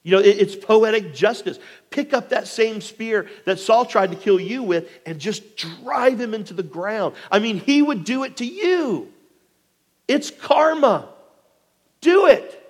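A man's voice: high voice, unhurried, few pauses. A man voicing an eager, loyal soldier pushing his leader to act. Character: Abishai, eager loyal soldier urging a kill.

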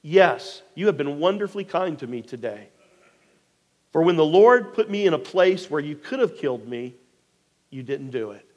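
A man voicing a humbled, tearful king who speaks softly and low with remorse. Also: very animated, normal speed, long reverb tail, muffled recording. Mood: remorseful. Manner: soft, low, subdued.

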